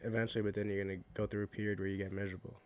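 A man's voice: on the low side, level tone, racing, darkish tone, no echo. A man in casual chat, blunt and swearing constantly as he gives advice. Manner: blunt, profane, advice-giving.

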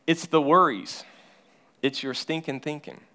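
A man's voice: a little high, unhurried, pushed and bright. A male pastor preaching a sermon in a church, telling stories and acting out people's voices.

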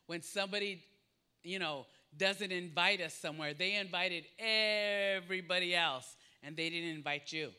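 Male preacher, high and piercingly bright tone, emphatic and animated sermon delivery. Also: clean tone. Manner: emphatic, repetitive, acts out quotes with big swings.

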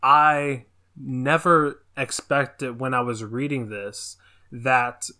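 A young man hosts a podcast, speaking slowly and thoughtfully, drawing out his phrases. His tone is bright and a little tense, and his pitch stays mid-range. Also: steady tone. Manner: slow, thoughtful, drawn-out phrasing. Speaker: podcast host. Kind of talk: casual podcast chat.

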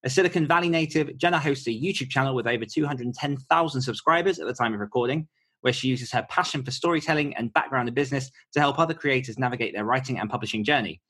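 Fast-talking husky male podcast host. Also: mid-range voice, a bit bright. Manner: upbeat, playful, quick to laugh. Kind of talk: casual interview hosting.

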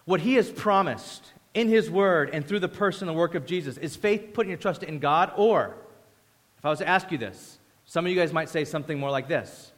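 A man's voice: fairly high pitch, a little fast. A man preaching a sermon as pastor, conversational and acting out voices as he goes. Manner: conversational, acts out voices in quotes. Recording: echoey hall reverb.

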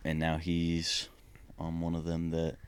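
A tired young man chatting casually on a podcast, mumbling with low energy. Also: completely flat delivery, measured pace, slight background noise. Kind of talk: casual chat.

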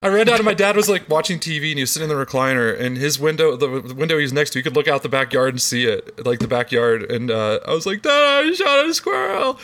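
A man co-hosting a casual podcast, telling a childhood story with lively acted-out moments. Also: mid-range voice, quick pace, hardly any pauses. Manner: animated storyteller, acts out voices in the telling. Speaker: podcast co-host.

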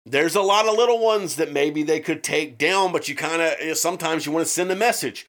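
A man's voice: fairly high pitch, a little fast, a bit bright. A man co-hosting a true-crime podcast in casual chat, swearing often and restarting his sentences. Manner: profane, with frequent restarts and fillers. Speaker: podcast co-host.

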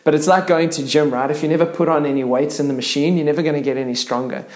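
A man's voice: fairly high pitch, fairly even intonation, quick pace, darkish tone. A man hosting a podcast, talking reflectively and a little hesitantly with casual fillers. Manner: reflective, hesitant, with "you know" and "like". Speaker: podcast host. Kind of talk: reflective conversation. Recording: roomy echo.

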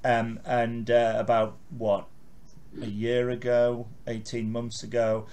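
A man from England hosting a podcast interview over a video call, warm and quick to agree. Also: mid-range voice, completely flat delivery. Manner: warm, frequent agreeing yeahs. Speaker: podcast host. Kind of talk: casual chat.

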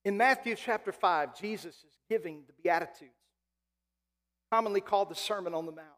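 A male pastor preaching a sermon. He is emphatic, slows right down to stretch key phrases, and then drops to a quieter, conversational tone. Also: high-pitched. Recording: long reverb of a large hall.

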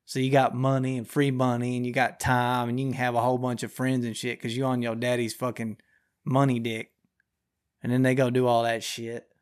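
A man's voice: mid-range voice, completely flat delivery, brisk, smooth. A young man hosting a podcast, ranting through the news with heavy swearing and slangy, drawling speech. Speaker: podcast host. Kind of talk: profane news commentary.

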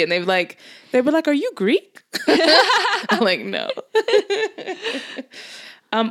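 A woman's voice: on the low side, creaky, a bit bright, dry recording, studio quality. A woman co-hosting a podcast, telling a story in a chatty way and laughing often. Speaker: podcast co-host. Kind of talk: casual chat.

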